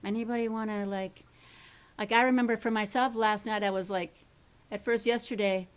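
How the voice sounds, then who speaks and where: Woman workshop coach, chatty, rambling, mid-pitched voice. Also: steady tone, moderate pace, clean tone. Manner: chatty, rambling, checks in with "right?". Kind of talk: teaching a live workshop group.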